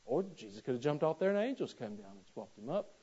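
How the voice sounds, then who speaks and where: A man's voice: medium pitch, very animated, quick pace, mellow, breathy edge, dull audio. A man preaching a sermon in a folksy, storytelling way, asking his listeners rhetorical questions.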